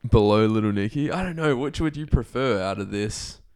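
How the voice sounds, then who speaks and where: A man's voice: fairly low pitch, animated, a little fast, a little mellow, smooth. A man from Australia co-hosting a podcast in casual chat about films, laid-back and dry, swearing casually. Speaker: podcast co-host.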